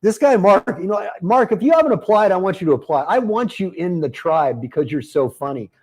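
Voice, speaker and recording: A man hosting a live webinar, pitching a marketing program in a chatty, upbeat way and answering viewers by name. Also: lively intonation, a little fast, darkish tone, slightly rough.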